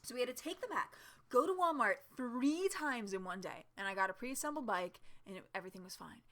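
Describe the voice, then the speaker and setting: A woman telling a story in a casual home vlog, chatty and animated, with lots of fillers and laughter, sitting at home in front of her camera. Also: a little high, brisk. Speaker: vlogger. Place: home, seated in a chair with her cat.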